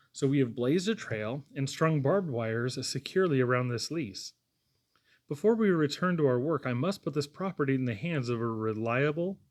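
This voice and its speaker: A sympathetic middle-aged lumber boss explains a hard, dangerous job with earnest patience, as a man reads him. His tone is steady and explanatory in a storybook narration. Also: mid-range voice, close to an everyday voice.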